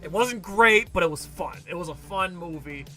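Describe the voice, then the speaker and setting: Bright-voiced, enthusiastic podcast host. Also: male voice, high-pitched, animated, normal speed, faint music behind. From New York State. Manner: enthusiastic, casual, gives shout-outs. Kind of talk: casual chat.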